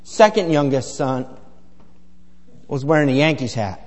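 A man's voice: medium pitch, lively intonation, measured pace. A middle-aged man preaching a sermon in a folksy, rambling storytelling way full of fillers. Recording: echoey hall with long reverb.

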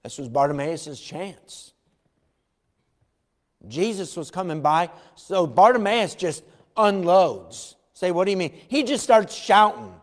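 A man preaches a lively sermon, his voice set a little high for a man. He acts out the voices of the people in his story and shouts for emphasis. A long reverb trails each line, as in a big church hall. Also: takes it slowly. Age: adult parent. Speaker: pastor.

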